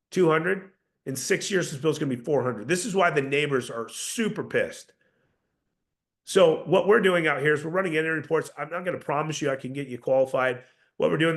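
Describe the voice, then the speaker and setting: A man's voice: mid-range voice, a bit bright. A man coaching door-to-door salespeople, emphatic and confident, often repeating words as he starts a sentence. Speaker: sales trainer.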